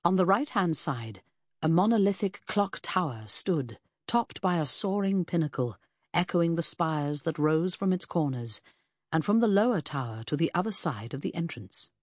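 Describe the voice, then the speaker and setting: A woman reading a novel aloud in first person, measured and descriptive with a gently wry touch. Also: fairly low pitch, animated, no room sound, studio quality. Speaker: audiobook narrator. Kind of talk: scripted first-person narration.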